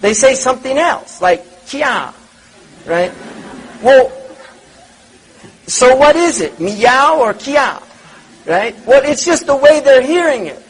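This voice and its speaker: A man's voice: extremely high pitch, animated, slow pace, long pauses, a little hiss or hum, low-quality recording. A man giving a religious lecture, reflective, repeating words and asking rhetorical questions. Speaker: Islamic lecturer.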